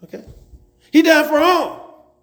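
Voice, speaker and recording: A man preaching a sermon, telling Bible stories in a lively, folksy and humorous way. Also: very high voice, slow. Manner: animated, folksy storytelling with humor. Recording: roomy echo.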